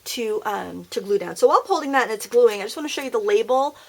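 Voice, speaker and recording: A woman's voice: fairly high pitch, expressive, fast talker, gravelly. Chatty upbeat woman hosting a craft tutorial. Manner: chatty, self-deprecating and upbeat. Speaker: craft video host.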